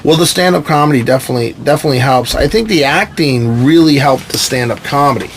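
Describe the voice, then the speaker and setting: A man from New York tells animated stories on a podcast recorded aboard a sailboat. His voice sits mid-pitch, and he swears freely and slips into quoted voices. A faint hum of ambience sits behind him. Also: quick pace. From New York State, USA. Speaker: guest, actor and stand-up comedian. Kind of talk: casual podcast chat.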